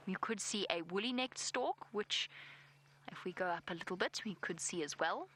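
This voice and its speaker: A woman's voice: medium pitch, animated, normal speed, a bit bright, a little hiss or hum, rough recording. A South African woman giving live safari commentary from an open vehicle outdoors, chatty and self-deprecating. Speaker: safari guide.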